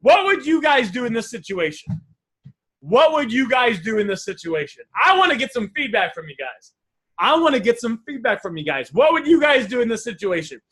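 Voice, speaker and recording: Man, sales coach, live online lesson, energetic, repetitive, very high pitch, bright edge. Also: a little fast, breathy edge. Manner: energetic, repetitive, addresses listeners as guys. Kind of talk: live online teaching session.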